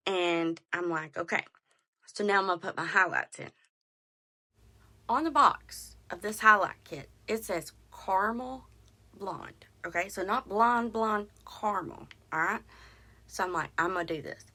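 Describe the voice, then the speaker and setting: A woman, hosting a podcast and telling a story in a casual, animated way. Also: on the low side, measured pace, pauses often. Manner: animated, chatty, addresses listeners as y'all. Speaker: podcast host.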